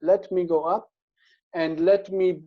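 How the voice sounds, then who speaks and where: A man teaching a casual Hebrew grammar lesson, explaining step by step and repeating words slowly. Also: high-pitched, steady tone. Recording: dull lo-fi recording.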